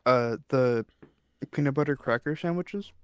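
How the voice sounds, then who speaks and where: A man's voice: medium pitch, unhurried, smooth, no echo. A man co-hosting a stream, explaining things plainly in casual chat. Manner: matter-of-fact, explains plainly. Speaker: stream co-host.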